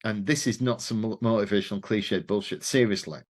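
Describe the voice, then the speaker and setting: A man's voice: on the low side, a little fast. A middle-aged man, a podcast guest telling stories in casual conversation and acting out the dialogue he quotes. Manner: animated, acts out quoted dialogue, swears casually. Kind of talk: conversational storytelling.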